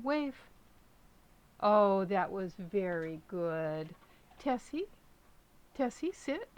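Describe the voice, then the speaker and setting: A woman live streamer chatting casually to her dogs and viewers in a small room at home. She coaxes the dogs and drops to a soft hush when she praises them. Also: a little high. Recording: dull lo-fi stream audio.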